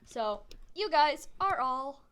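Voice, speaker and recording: Bright-voiced woman game master. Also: sits high, animated, takes it slowly. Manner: casual, chatty, many fillers. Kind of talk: narrating a tabletop game session.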